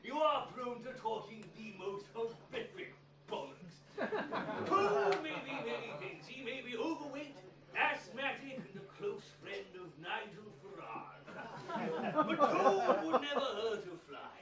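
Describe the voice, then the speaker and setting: A man's voice: very high voice, very animated, unhurried, over a noisy crowd, exaggerated voice. A man playing a pompous, blustering old badger in a live comedy sketch, recorded from a distance in an echoey room with an audience. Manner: pompous, blustering, calls others "my boy". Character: pompous old male badger, crude and gruff.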